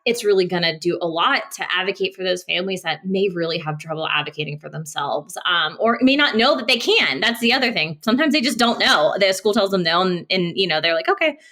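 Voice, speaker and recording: A woman's voice: fairly low pitch, lively intonation, brisk, hardly any pauses, bright, forceful tone. A woman speech-language pathologist talking earnestly and passionately as a podcast guest, with frequent restarts and fillers. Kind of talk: casual podcast interview.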